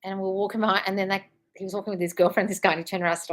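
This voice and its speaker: A playful, blunt woman coach from the United Kingdom runs a casual home live stream, reading comments aloud, swearing freely and calling her viewers darling. Her mid-range voice holds a steady tone, moves very fast, and sounds a bit bright.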